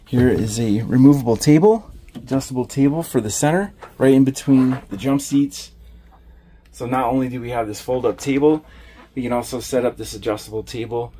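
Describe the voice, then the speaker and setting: An upbeat man walks through a camper van, naming features one after another in a casual salesman's patter. His voice sits at an ordinary middle pitch, with a faint hiss underneath. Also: normal speed, mellow. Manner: upbeat, listing features as he points them out. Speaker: RV salesman giving a walkthrough tour. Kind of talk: casual walkthrough narration.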